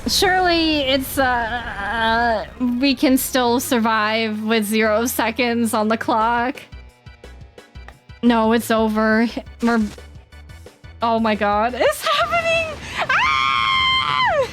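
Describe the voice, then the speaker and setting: A woman streamer narrates her gameplay in a high, drawn-out voice, letting out dramatic groans and yelps of frustration. She speaks very slowly, stretching her words. Faint game music plays behind her. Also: steady tone. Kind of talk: live gameplay commentary.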